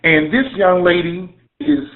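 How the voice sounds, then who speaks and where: A man's voice: high-pitched, animated, unhurried. A man with a Southern US accent hosting an online radio interview, introducing his guest with playful, effusive hype and folksy slang. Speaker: radio show host. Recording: tinny phone-line audio.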